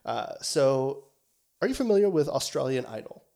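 A man's voice: mid-range voice, big pitch swings, moderate pace, gravelly, warm tone. A young man co-hosting a casual podcast chat, rambling with lots of fillers and swearing for emphasis. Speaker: podcast co-host.

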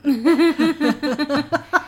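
A woman's voice: high voice, drawn-out words, poor audio. A woman co-hosting a casual chat, recapping a show, laughing often and acting out lines. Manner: giggly, often laughs and quotes characters. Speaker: podcast co-host.

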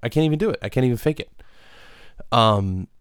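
A man hosting a solo comedic podcast, rambling in a deadpan, profane way. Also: medium pitch, a little fast, smooth, dry recording, studio quality. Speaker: podcast host.

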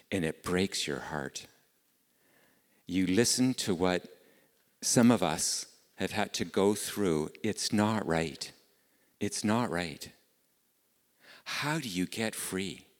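A man's voice: low-pitched, in a large hall. A middle-aged man, preaching a sermon in an earnest, conversational way, full of rhetorical questions. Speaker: pastor. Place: church.

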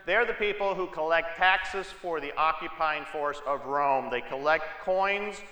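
A man's voice: on the high side, unhurried, pushed and bright. A man preaching a sermon, telling Bible stories in a conversational way with asides to the congregation. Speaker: pastor. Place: church sanctuary. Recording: echoey church hall.

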